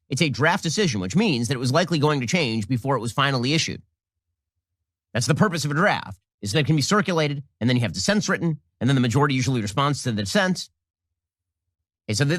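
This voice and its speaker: A man talks at a very fast clip, his pitch leaping around as he drives home sardonic, emphatic points. The sound is dry and close. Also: a bit bright, no echo. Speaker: political commentator. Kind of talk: rapid political commentary.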